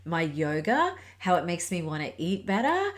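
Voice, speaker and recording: A middle-aged woman hosting a reflective solo podcast as a Pilates and yoga teacher, speaking in a gentle, earnest and encouraging way. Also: on the low side, sing-song, moderate pace.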